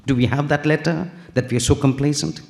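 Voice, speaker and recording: A man's voice: medium pitch, steady tone, fast, vocal fry. A man preaching a sermon, telling a story with acted dialogue, rising to emphatic peaks.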